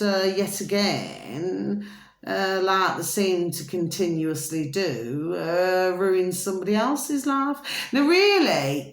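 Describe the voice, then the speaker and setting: Woman vlogger, lively up-and-down delivery, emphatic, checks in with her listeners, roomy recording. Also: medium pitch. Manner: emphatic, keeps asking "do you see?". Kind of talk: casual commentary to camera. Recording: roomy echo.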